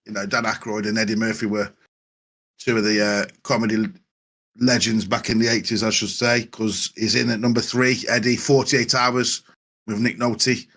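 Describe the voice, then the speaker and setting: A man's voice: fairly low pitch, little pitch movement, normal speed, fairly bright tone. A man in casual chat, swearing freely and acting out quotes from films he loves. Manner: swears freely, acts out film quotes and laughs. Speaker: podcast panelist.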